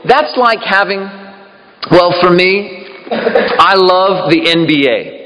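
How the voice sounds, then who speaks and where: A man's voice: high voice, takes it slowly, sharp tone. A man preaching a sermon, emphatic and asking the congregation questions. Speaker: pastor. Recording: long reverb in a hall.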